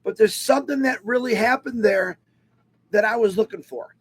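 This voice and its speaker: A man telling a personal story to an online webinar audience in an animated, emotional way. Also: high-pitched, moderate pace, husky. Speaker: webinar speaker.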